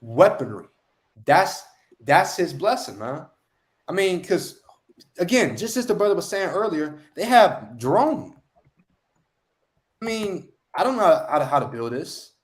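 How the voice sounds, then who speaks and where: A man's voice: fairly high pitch, big pitch swings, measured pace, long pauses. A man leading an online scripture lesson, preaching emphatically and often tagging lines with "man". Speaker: lesson teacher.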